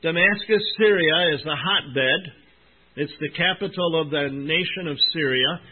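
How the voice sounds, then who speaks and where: Husky-voiced preacher on a tinny recording. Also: male voice, fairly high pitch, measured pace. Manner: earnest, emphatic preaching with rhetorical questions. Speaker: pastor. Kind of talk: sermon.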